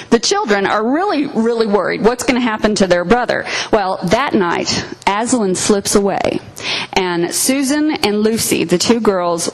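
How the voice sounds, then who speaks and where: Woman preaching, earnest and expressive, reads a story aloud. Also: mid-range voice, poor audio. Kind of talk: sermon with story reading.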